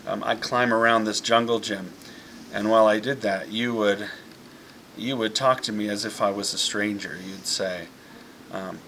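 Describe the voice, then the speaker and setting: A man's voice: on the low side, steady tone, normal speed, sharp tone, slight background noise. Man recalling a childhood memory. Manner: rambling, fond storytelling with fillers. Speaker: eldest son sharing a memory. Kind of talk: heartfelt message to camera.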